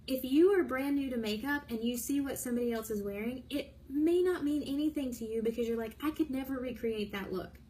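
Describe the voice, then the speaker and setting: A young woman giving an energetic, blunt motivational training talk to camera, bubbly and emphatic. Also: high voice, low-quality recording. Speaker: direct sales trainer.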